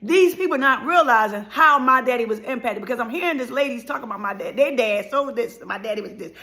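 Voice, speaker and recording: A middle-aged woman, a motivational speaker, telling a personal story in an animated, emphatic way and returning to a repeated refrain. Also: fairly high pitch, fairly quick.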